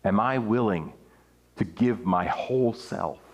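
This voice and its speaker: A man's voice: on the low side, measured pace. Man preaching an earnest sermon. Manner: earnest preaching, rising and falling for emphasis.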